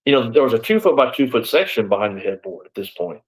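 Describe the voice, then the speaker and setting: His mid-range voice swings widely in pitch and races along, captured on a rough recording. He's a man in his sixties, once a deputy, sharing his story live in an interview. Leaning on "you know" and "man," he drifts a little and performs the back-and-forth of whoever he's quoting.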